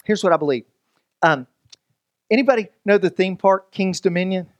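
High-pitched pastor guy, chatty and jokey, keeps restarting sentences, dry close sound. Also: normal speed, dry recording, lo-fi sound. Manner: conversational, joking, many restarts. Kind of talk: sermon.

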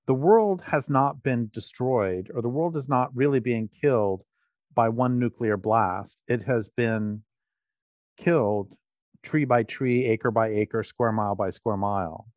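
A man's voice: mid-range voice, unhurried, a little mellow, no room sound. Impassioned man on a dry mic. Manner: impassioned, emphatic. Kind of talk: casual conversation.

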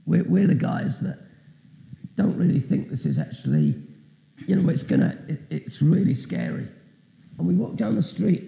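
A man gives a testimony sermon as a guest preacher, telling his story with asides and questions to the audience. His voice is very gravelly and dark, and it rises and falls a lot. The sound rings around an echoey church hall. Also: on the high side. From Britain.

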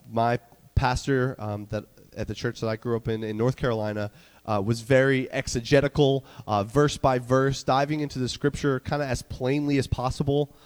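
Stuffy-voiced young pastor, fast and chatty. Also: male voice, medium pitch, big-room sound. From New York. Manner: quick-talking, chatty, many fillers and restarts. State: stuffy, getting over a cold. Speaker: student director preaching. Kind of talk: casual conversational sermon. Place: church sanctuary.

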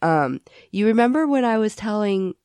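A young woman co-hosting a podcast, chatting casually with quick asides and frequent laughs. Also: mid-range voice, very animated, darkish tone, smooth, no room sound, clean studio sound. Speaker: podcast co-host. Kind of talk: casual chat.

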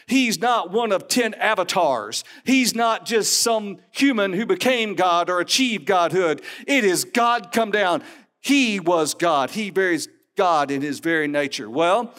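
A man's voice: sits high, a bit bright. A man preaching a sermon to a congregation, emphatic and teacherly, with sarcastic asides.

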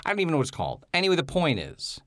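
A man's voice: on the high side, huge pitch swings, rapid-fire, fairly bright tone, no room sound, clean studio sound. A man on a podcast telling a candid personal story in a casual, digressive way, turning playfully defensive when he is corrected.

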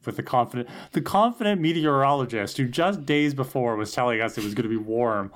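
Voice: medium pitch, lively intonation, fairly quick. A podcast co-host in casual chat, reasoning through ideas with fillers and hedges. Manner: thoughtful, builds points with hedging fillers.

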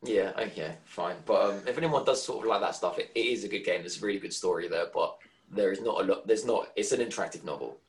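A man's voice: low voice, fast talker, poor audio. A British man co-hosting a casual gaming podcast, chatty and rambling, restarting his sentences often. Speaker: podcast co-host.

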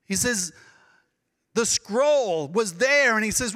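A man preaching a sermon as pastor, dramatic and expressive, now and then acting out the voices of people he quotes. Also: high voice, takes it slowly, big-room sound. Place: church sanctuary.

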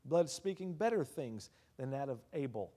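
A man preaching a sermon who swings between hushed asides and loud emphatic declarations, calling out hallelujah and amen between points. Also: medium pitch, animated, moderate pace. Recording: long reverb of a large hall.

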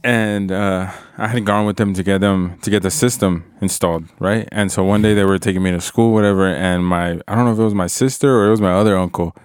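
A young man telling a story in a relaxed, slangy way, swearing a lot and acting out the voices of others. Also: sits low, fast talker, few pauses, clean tone, dry recording, studio quality. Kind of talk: casual storytelling chat among friends.

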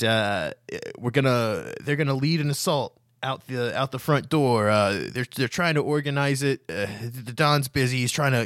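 A man's voice: mid-range voice, fairly bright tone, no room sound, clean studio sound, natural voice. A man voicing a frantic, foul-mouthed male gangster errand man who stammers and swears.

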